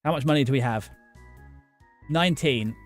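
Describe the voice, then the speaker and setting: A man's voice: medium pitch, soft background music. Middle-aged man, game streamer, chatty, stop-start delivery. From southern England. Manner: chatty, talks to chat by name, halting restarts. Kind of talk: casual live-stream chat over gameplay.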